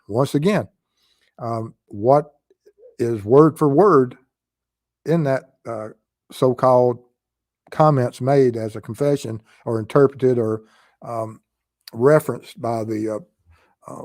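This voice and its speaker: A man with a Southern US accent hosting a true crime live stream, answering chat questions in a halting way with many pauses. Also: mid-range voice, a little mellow, no room sound. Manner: halting, with frequent pauses and fillers.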